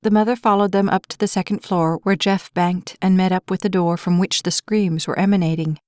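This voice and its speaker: A woman narrating a romance novel as an audiobook, telling the story in an even, clear way. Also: fairly low pitch, fairly quick, no room sound, studio quality.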